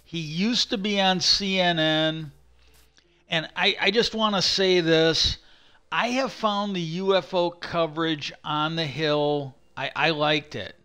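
A man with a bright, forceful voice that sits a little high for a man. He rambles through a casual monologue, exasperated, swearing and repeating himself as he goes. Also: fairly even intonation, takes it slowly, clear, resonant tone. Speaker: livestream host.

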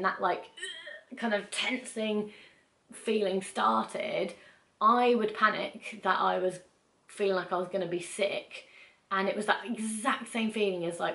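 A woman's voice: fairly low pitch, fairly bright tone. A young woman, telling a personal story to camera in a candid, chatty way that is full of asides and "like". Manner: chatty and candid, rushing through asides with frequent "like". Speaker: vlogger. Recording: roomy echo.

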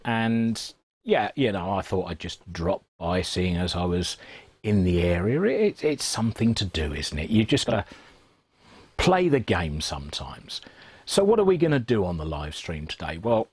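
A man with a lowish voice jokes and teases his way through a casual live stream from a radio repair workshop. The sound is dry and close. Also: big pitch swings, moderate pace, darkish tone, breathy edge, dry recording. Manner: joking, teasing banter. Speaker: guest presenter of a live stream.

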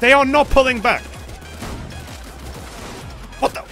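A man streaming a co-op shooter game, commentating live with excitable outbursts, swearing and yelling at teammates. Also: very high-pitched, slow. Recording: game music and gunfire behind. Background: game music and gunfire.

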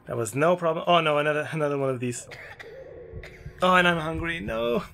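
A man giving let's play commentary on a horror game, excitable and yelping whenever something startles him. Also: fairly quick, gravelly, slight background noise. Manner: excitable, yelps and jumps high when scared. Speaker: gaming YouTuber. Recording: game music playing behind.

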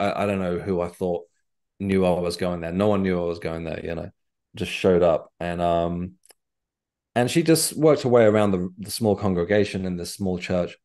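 A man, a guest in a casual interview, telling a rambling, animated story. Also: low-pitched, brisk. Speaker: guest, medium and author.

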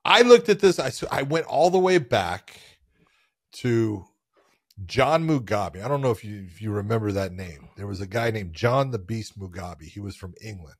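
Animated storytelling man, lowish voice. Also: moderate pace, slightly rough, dry recording, studio quality. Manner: animated storyteller, loose and profane. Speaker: podcast co-host. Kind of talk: casual sports chat.

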